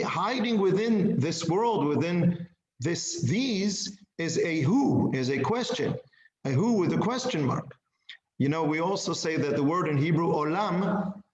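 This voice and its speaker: Man teaching slowly in an echoey room. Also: fairly high pitch, lo-fi sound. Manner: slow, deliberate, emphatic on key words; asks class questions. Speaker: Torah teacher. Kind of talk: text study class.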